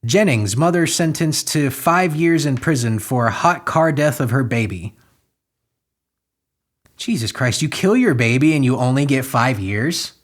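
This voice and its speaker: Crude, animated man riffing on the news. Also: unhurried. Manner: crude and sarcastic, swearing, bursts into loud high outbursts. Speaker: comedy podcast host. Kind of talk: satirical news commentary, reading headlines aloud and riffing.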